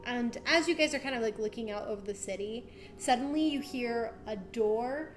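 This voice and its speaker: A woman narrating a tabletop game as game master, relaxed and full of fillers. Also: on the high side, moderate pace, a little hiss or hum.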